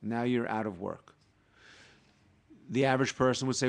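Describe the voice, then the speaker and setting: Man as a talk show guest, explaining spiritual ideas at an even pitch, quoting a text and then unpacking it in plain terms. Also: normal speed, vocal fry. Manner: reads quoted passages, then explains them with acted-out everyday examples. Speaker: guest teaching Kabbalah.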